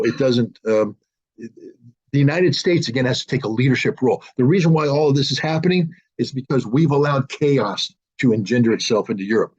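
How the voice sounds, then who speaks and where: In dull, lo-fi audio, a male interview guest talks politics in a blunt, emphatic way, frequently starting his sentences over. His voice is medium in pitch, darkish and slightly rough.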